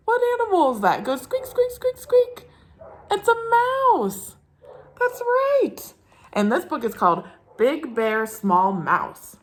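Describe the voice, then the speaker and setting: Sing-song young woman teacher, lively pitch. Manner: sing-song, encouraging, praises often. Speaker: preschool teacher. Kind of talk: talking to young children and reading a picture book aloud.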